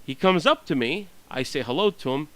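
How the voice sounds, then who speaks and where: A man's voice: on the high side, expressive, fairly quick, fairly bright tone, no room sound, poor audio. A man venting about his neighbors in a blunt, profane, ranting monologue. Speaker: vlogger.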